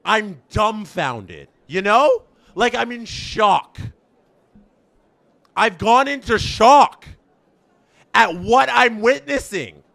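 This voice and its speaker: A man streaming a live fan reaction, calling the action in an announcer style and swinging between emotional shouts and stunned murmurs. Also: sits high, lively intonation, drawn-out words, vocal fry, long pauses, no room sound. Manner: announcer-style play-by-play call.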